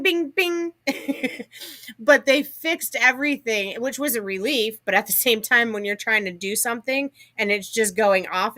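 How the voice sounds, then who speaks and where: A woman co-hosting a casual livestream, telling stories in a chatty, animated way. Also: a little high. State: has the hiccups. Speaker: livestream co-host.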